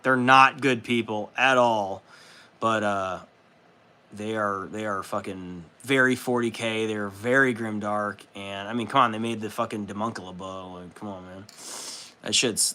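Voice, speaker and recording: A man hosting a casual livestream, loose and profane, excitable and chatting with his viewers as he works. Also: fairly low pitch. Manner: loose, profane and excitable, reads chat aloud. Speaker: livestream host. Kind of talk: casual livestream chat while building models.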